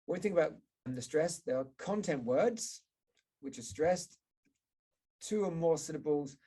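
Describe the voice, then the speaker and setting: Man, English teacher, gravelly voice, a bit husky, measured teaching talk, models example words. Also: mid-range voice, warm tone. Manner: measured, pauses to model word stress with examples. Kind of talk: explanatory teaching talk over slides.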